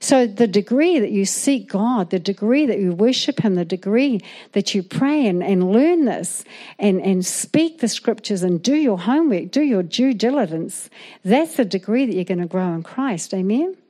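A woman's voice: mid-range voice, normal speed. A woman preaching a sermon, often calling out "amen?" to the congregation. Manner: animated, calls out "amen?" to the congregation. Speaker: guest preacher.

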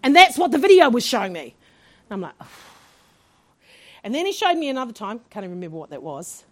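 High, lively woman pastor preaching. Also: rapid-fire. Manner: animated storytelling, laughing asides. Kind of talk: sermon testimony.

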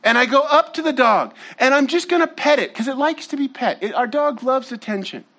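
A man's voice: very high voice, fairly quick, pushed and bright. A man preaching as a pastor, telling a casual story with slangy asides to his congregation before turning to his teaching. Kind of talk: sermon.

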